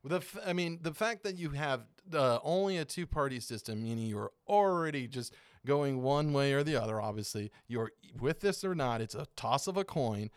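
A man's voice: medium pitch, moderate pace, smooth, dry recording. Chatty, laughing man, dry close mic. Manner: rambling, animated storyteller who laughs often. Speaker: podcast guest. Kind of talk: casual chat.

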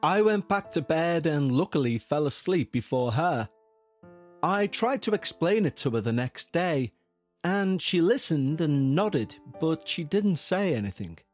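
A man narrating a listener's first-person horror story in a slow, measured storytelling manner. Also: a little high, big pitch swings, faint music behind.

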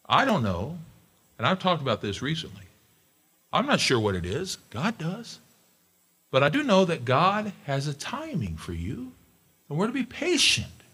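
Male pastor, preaching voice, animated pitch, repeats for emphasis. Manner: emphatic, repeats key phrases, swings from soft asides to loud exhortation. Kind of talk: sermon and closing prayer.

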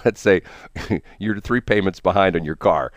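A man hosting a morning radio show, joking and rambling in casual banter with halting repeats. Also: sits low, no room sound. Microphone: studio mic.

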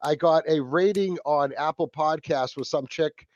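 A man's voice: on the high side, normal speed, muffled recording. A man from New England with a Boston accent, chatting casually as a podcast guest, rambling with lots of fillers and restarts. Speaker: podcast guest, host of his own podcast.

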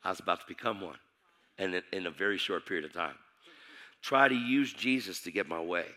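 A man preaching a testimony, animated and emphatic, dropping to a hush and then shouting as he acts out the scenes. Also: deep voice, fairly quick. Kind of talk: sermon testimony storytelling.

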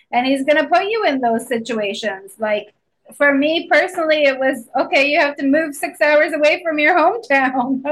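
A woman host with a high voice and an unhurried way of talking. She chats casually about faith, laughing often and answering with warm amens. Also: rough recording. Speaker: podcast host.

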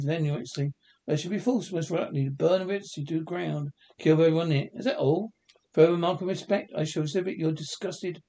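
Brief: male reader of a comedy film script, a touch high, warm mellow tone, all parts in one voice. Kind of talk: reading a film script aloud.

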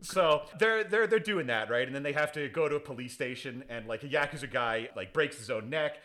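A man's voice: mid-range voice, lively intonation, fairly quick, sharp tone. A man recapping a movie in a rambling, sarcastic comedic style, swearing freely. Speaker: podcast co-host playing defense lawyer.

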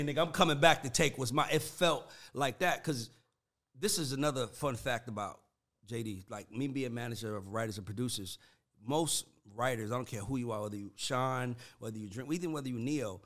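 A man in casual conversation, animated and profane, breaking into laughs as he talks. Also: mid-range voice.

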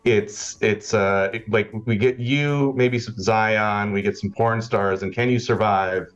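A man's voice: fairly low pitch, fairly even intonation, unhurried, dull audio, faint music behind. A man guesting on a casual podcast, laid-back and wry. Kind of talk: casual chat.

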